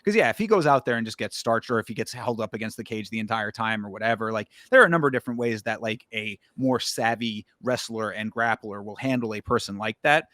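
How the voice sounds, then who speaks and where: A man's voice: lowish voice, lively intonation, fast, few pauses, fairly bright tone, no echo, clean studio sound. A man co-hosting a show, giving fight analysis in casual chat, hedging often with "you know" and "I mean". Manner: hedging, many fillers and restarts. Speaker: podcast co-host.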